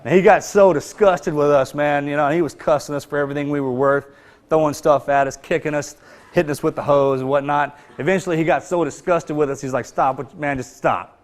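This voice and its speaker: Fast, intense male motivational speaker. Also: fairly high pitch, steady tone. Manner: intense, emphatic, street-casual phrasing. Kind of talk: storytelling speech.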